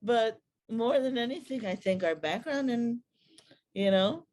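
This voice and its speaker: A woman telling a personal story to an audience in a lively, slangy, conversational way. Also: on the high side, a little slow.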